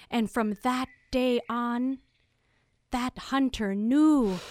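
A woman tells an old folktale at a very slow, careful pace, her fairly high voice sinking into hushed whispers at the tense moments. Faint clicks and a little noise sit under her telling. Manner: slow, deliberate, dropping to whispers for suspense. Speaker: storyteller. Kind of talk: oral folktale narration.

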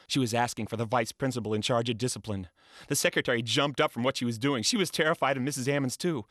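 A man telling a personal story in an animated way, swinging from hushed low tones to high excited ones. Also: fast, dry recording, clean studio sound.

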